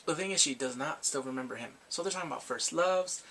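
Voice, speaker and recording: A man casually recapping a drama's plot, animated and emotional, acting out the characters' lines. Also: fairly high pitch, fast, a little hiss or hum. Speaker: drama reviewer.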